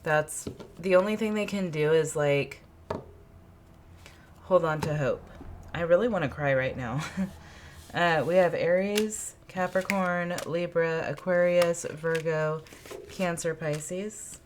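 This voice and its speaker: A woman's voice: on the low side, fairly even intonation, takes it slowly, slight background noise. A woman doing an intuitive tarot reading, musing aloud, repeating her phrases and asking spirit questions as she pulls cards. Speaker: tarot reader. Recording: card shuffling clicks in background.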